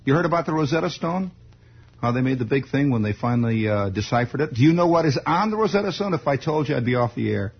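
A man hosts late-night radio, delivering a wry, sardonic, mock-grumpy rambling monologue with sing-alongs. His mid-range voice is expressive and quick-paced. It's a lo-fi old radio broadcast with a little hiss or hum.

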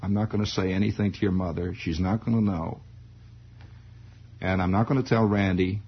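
A man with a raspy, gravelly voice playing a stern middle-aged father who coaxes slowly and quietly. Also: steady tone. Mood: coaxing. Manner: low, slow, soothing but pressing. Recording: dull lo-fi recording.

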